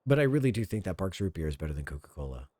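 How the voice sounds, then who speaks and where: A man streaming a game, chatting in an excitable, rambling, self-mocking way from a home setup. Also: sits low, rapid-fire, no room sound, clean studio sound. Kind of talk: casual game stream commentary.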